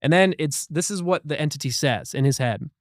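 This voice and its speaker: A man's voice: fairly high pitch, a little fast, no echo, clean studio sound. A man guest on a podcast, chatting casually and telling stories with acted-out quotes. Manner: animated storyteller who acts out quotes. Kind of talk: casual chat.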